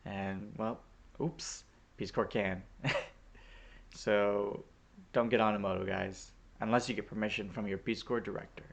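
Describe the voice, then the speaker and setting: A man's voice: lowish voice, fairly even intonation, a little slow, vocal fry. A man casually telling a story about his volunteer days to a vlog audience, chatty and easygoing with plenty of fillers. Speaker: returned Peace Corps volunteer.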